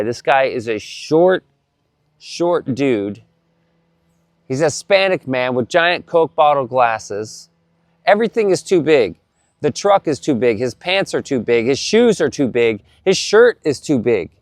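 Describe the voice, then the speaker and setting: Storyteller, adult man, mid-pitched, swears a lot, dry close sound. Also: unhurried, dry recording. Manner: animated, profane, repeats himself. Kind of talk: casual storytelling to camera.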